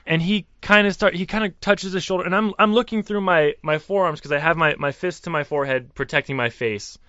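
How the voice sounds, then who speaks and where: An earnest young man tells a personal story, halting and restarting, slipping into the voices of the people in it. His voice sits a little high, and the sound is muffled and dry. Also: bright, forceful tone, dry recording. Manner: earnest, halting, quotes others in dialogue.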